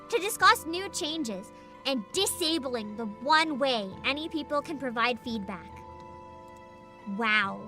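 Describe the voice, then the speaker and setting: A woman's voice: high-pitched, sharp tone. A woman streaming as a VTuber, ranting sarcastically in a casual livestream and laughing often.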